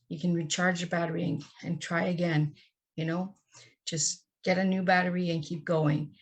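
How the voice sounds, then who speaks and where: A woman's voice: on the low side, husky. A woman guest on a podcast interview, telling her personal story in an earnest, heartfelt and candid way.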